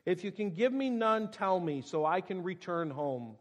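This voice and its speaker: A man's voice: high voice, lively intonation, moderate pace, voice pushed up. A man voicing a king who presses earnestly for an answer. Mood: pressing.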